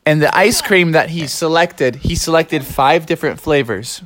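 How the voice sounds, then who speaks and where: A woman with a low voice narrates a children's story as the host, drawing her young listeners in to shape it. The recording is dry and close. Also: moderate pace, few pauses, no echo. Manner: warm, inviting, prompts children to add.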